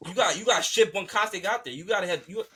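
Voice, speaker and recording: Fast and high-pitched, this man's voice carries a bright, forceful tone, with a little hiss or hum present. He is an American podcast host ranting heatedly, profanely, and repetitively in a casual way.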